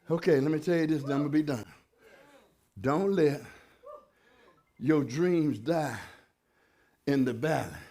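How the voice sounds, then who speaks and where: A man preaching a sermon as pastor, fervent and conversational, building to shouted peaks with folksy asides. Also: on the high side.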